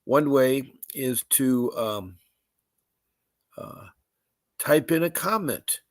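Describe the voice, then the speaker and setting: Halting middle-voiced man hosting a live stream. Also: medium pitch, lively intonation, dry recording. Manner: halting, many fillers and restarts, repeats details slowly. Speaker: podcast host. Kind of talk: live-stream housekeeping announcements.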